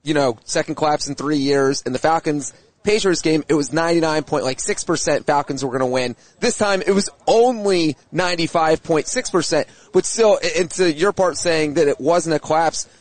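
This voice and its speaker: A man co-hosting a sports podcast, an animated, self-mocking storyteller who argues his points. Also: on the high side, normal speed. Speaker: podcast co-host, sports writer. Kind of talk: casual sports podcast chat.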